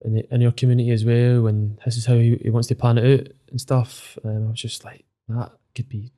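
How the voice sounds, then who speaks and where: This man's voice is mid-range and dark, his tone level and his pace brisk. In his thirties and from Scotland, the footballer speaks with a Scottish accent as a podcast guest, open and emotional and swearing a lot.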